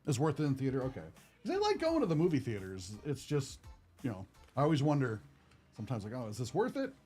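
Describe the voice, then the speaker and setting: A man's voice: mid-range voice, big pitch swings, quick pace, warm tone, breathy edge, soft background music. A young man hosting a card-opening stream, chatting casually and rambling with lots of fillers. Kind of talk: casual chat while opening cards.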